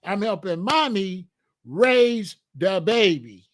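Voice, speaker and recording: A man's voice: high voice, lively intonation, takes it slowly. A man hosting his own channel, giving emphatic, repetitive advice about family and discipline in a casual monologue. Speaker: host.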